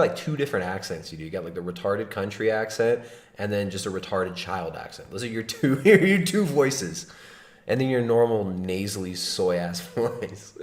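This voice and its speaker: A man's voice: fairly low pitch, roomy sound. A man hosting a livestream, giving mocking reaction commentary in a sarcastic, laughing way. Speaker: livestream host.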